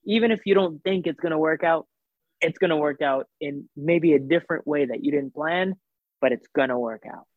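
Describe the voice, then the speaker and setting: Over a thin, dry, phone-like connection, a man with a fairly high voice recounts a personal story as a guest at a moderate pace. He tells it conversationally and with animation, quoting what people said and using lots of fillers.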